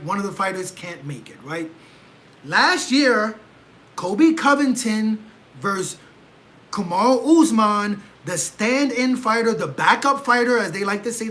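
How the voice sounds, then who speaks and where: High-voiced animated man on a livestream. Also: low-quality recording. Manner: animated, rhetorical, keeps asking "right?"; gets loud and excitable. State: leg cramp. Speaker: livestream host. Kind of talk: casual livestream commentary.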